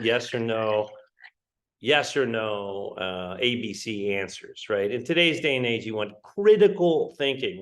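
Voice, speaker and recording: On a rough recording, a mid-range male voice runs a live online English class. He chats conversationally with his audience, welcoming viewers by name as they arrive and repeatedly checking in with "right?".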